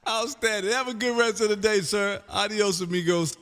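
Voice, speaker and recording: A man hosting a casual ham radio chat, loud and folksy, calling everyone man. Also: high-pitched, big-room sound. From Texas.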